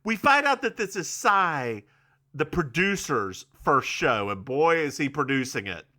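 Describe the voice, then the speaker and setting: Bright, lively, slow-talking male podcast host. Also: a little high. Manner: campy, giggly, recounts scenes with quoted bits. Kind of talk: casual chat recapping a TV episode.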